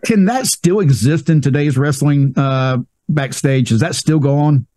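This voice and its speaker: Easygoing male podcast host, slightly high. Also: a little slow, dark tone, no room sound. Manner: easygoing, asks questions and reads listener email. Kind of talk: casual interview chat.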